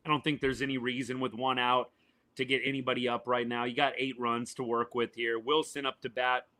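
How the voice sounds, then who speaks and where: A man with a drawl, hoarse and worn down, calls a baseball game live for his podcast audience. His voice is sharp and bright despite the fatigue, at a middle pitch. He talks loosely and directly to viewers, answering them by name. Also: level tone, brisk. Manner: chatty, answers chat viewers by name, says y'all. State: voice worn and failing, a little quieter than usual. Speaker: podcast host doing live game reaction. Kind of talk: casual live sports reaction and commentary.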